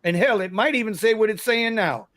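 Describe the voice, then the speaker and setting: A man's voice: high-pitched, brisk, a bit bright, no room sound, studio quality. A man hosting a casual livestream chat, telling a story in a chatty, slangy way. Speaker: livestream host.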